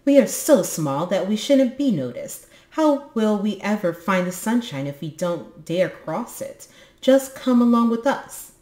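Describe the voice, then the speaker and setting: A little storybook troll boy who puffs himself up bravely while his voice quavers, as a woman acts him out. He speaks a notch higher and louder than her usual low voice. The room around it is echoey. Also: big pitch swings, measured pace, few pauses. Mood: bold. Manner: boastful but quavering. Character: young male troll, trying to act brave.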